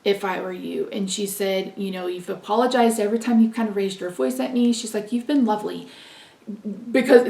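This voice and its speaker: Lady rambling to camera, gravelly voice, echoey room. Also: medium pitch, darkish tone. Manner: candid, rambling, fillers. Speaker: beauty vlogger. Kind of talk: casual chat to camera. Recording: echoey room, mic at a distance.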